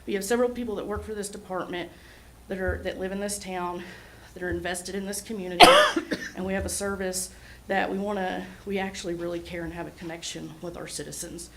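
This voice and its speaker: A woman's voice: on the low side, fairly even intonation, fairly quick, background noise. Earnest woman addressing commissioners. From Oklahoma. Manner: earnest, heartfelt, a little nervous. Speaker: EMS administrator. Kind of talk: public remarks at a city meeting. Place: city hall meeting room.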